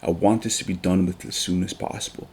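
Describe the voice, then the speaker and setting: A man's voice: sits low, steady tone, a little fast, a little mellow, husky. A man, a teacher talking earnestly on a casual podcast with many ums and restarts.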